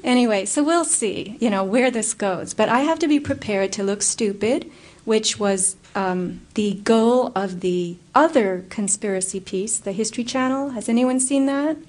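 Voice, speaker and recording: A woman's voice: a little high, moderate pace. Earnest woman speaking at a public Q&A. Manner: earnest, animated storytelling. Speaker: guest speaker. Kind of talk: public talk and audience Q&A.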